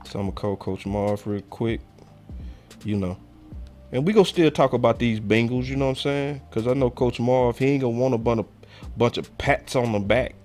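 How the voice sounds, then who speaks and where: A man's voice: mid-range voice, brisk, darkish tone, soft background music. A man hosting a live call-in fan show, talking in a loose, slangy way and pressing viewers to hit like. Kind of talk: casual live-stream chat.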